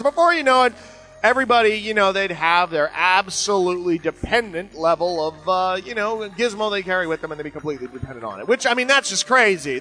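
A middle-aged man hosting a show, rambling casually and sarcastically as he answers listener emails. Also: rough recording. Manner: joking, sarcastic, animated with sudden pitch jumps.

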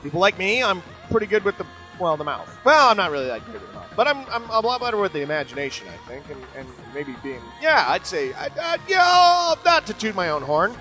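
A man's voice: quick pace, soft background music, rough recording. A middle-aged man hosting a show, rambling casually and sarcastically as he answers listener emails. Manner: joking, sarcastic, animated with sudden pitch jumps.

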